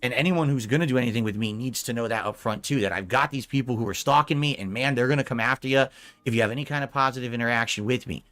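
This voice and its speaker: A man's voice: medium pitch, fast talker, a bit bright. A man hosting a podcast, talking in an apologetic, rambling way in a casual conversation. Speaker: podcast host.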